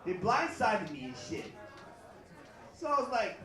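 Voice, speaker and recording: A man from Los Angeles performing a live stand-up set in a bar, with a punchy, profane delivery that breaks into shouted bursts. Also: high voice, sing-song, measured pace, long pauses. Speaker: stand-up comedian and host. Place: bar stage before a live audience. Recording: echoey bar with crowd laughter.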